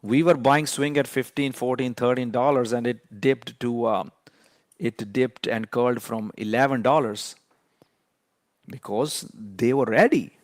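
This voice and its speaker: A man teaching a trading lesson in a mid-pitched voice. He lectures emphatically and hammers his points home by repeating them. The sound is dry and close, with no room echo. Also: a little slow. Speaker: trading educator.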